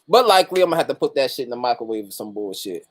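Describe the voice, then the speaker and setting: A man's voice: mid-range voice, very animated, rapid-fire. A man hosting a casual livestream, greeting viewers by name and talking loosely with street slang and plenty of profanity. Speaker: host of a livestream talk.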